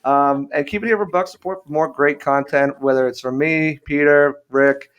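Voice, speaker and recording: A man's voice: fairly high pitch, fairly even intonation, moderate pace, fairly bright tone, clean tone, highs cut off. A man co-hosting a casual sports podcast, signing off upbeat with plenty of "uh" fillers. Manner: upbeat, self-promoting sign-off with many "uh" fillers. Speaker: podcast co-host.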